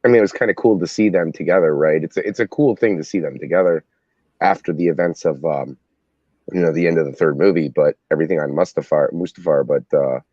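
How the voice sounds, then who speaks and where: A man co-hosting a casual review chat, talking hesitantly with many pauses and fillers. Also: extremely low pitch, warm tone, no echo. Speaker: podcast co-host. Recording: dull, dry, lo-fi audio.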